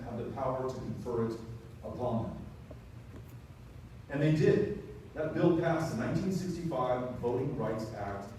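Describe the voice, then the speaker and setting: There's slight background noise as a man from Texas, his voice on the high side and dark in tone, addresses a town hall in a roomy, echoey space, heard through a distant mic. The political speech is impassioned, swelling into emphatic, rising passages.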